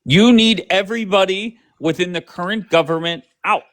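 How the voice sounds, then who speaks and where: A man with a high-pitched, fairly bright voice hosts a live stream at a moderate pace, casually debating politics with a caller. He presses with pointed questions, keeps interrupting, and demands yes-or-no answers.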